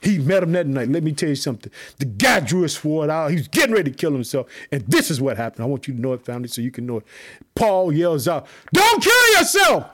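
Fired-up husky male preacher. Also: fairly high pitch, lively intonation, fast talker. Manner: fervent, repetitive call-and-response preaching. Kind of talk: sermon.

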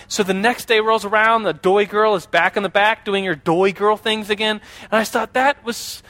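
A man casually telling childhood stories to an audience, chatty with lots of fillers, often asking the crowd questions and acting out voices. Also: high voice. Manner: animated, acts out quoted voices. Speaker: speaker addressing a group.

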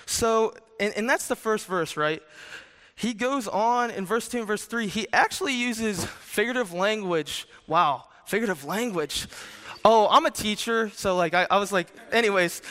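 A youth speaker in his twenties gives a chatty, joking sermon in a high, bright, forceful voice with a clean tone. He tells stories packed with fillers, and the hall around him is reverberant.

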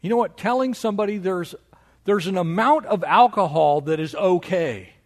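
A man preaching a sermon as pastor of his church, with animated delivery that mocks objections in a raised voice. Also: normal speed. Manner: animated preaching, mocking quoted objections in a higher voice.

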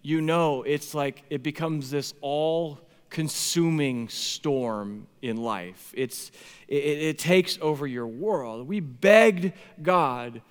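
A man in his thirties preaching a sermon as a pastor, animated, swinging from hushed tones to near shouting. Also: on the high side, takes it slowly, clear, resonant tone. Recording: long hall reverb.

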